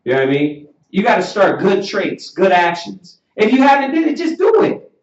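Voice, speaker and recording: A high-pitched man whose voice swings hugely in pitch preaches with emphasis, his Southern US accent carrying through a sermon-style class he teaches. He rises almost to shouting and draws out repeated questions. The recording is muffled and roomy, from far off the mic in an echoey space.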